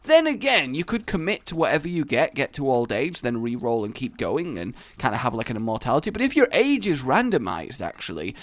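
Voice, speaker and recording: Animated man rambling over gameplay. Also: medium pitch, brisk, few pauses, no echo. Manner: rambling, joking tangents. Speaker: gaming channel host. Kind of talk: let's play commentary.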